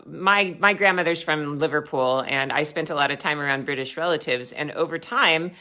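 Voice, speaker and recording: A woman's voice: deep voice, normal speed, sharp tone. A woman hosting a live stream over a video call, enthusiastic and asking her guest questions. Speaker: host.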